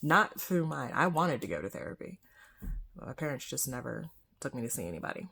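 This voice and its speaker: Young woman, low husky voice, candid conversational vlog storyteller. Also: sing-song, fairly quick. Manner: candid, conversational, frequent soft whispered asides. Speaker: vlogger. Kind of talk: personal storytime.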